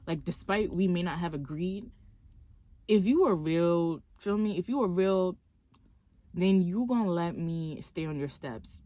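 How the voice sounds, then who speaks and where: A young woman vlogger telling a story in a casual, animated, chatty way. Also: on the low side, a little slow, no room sound.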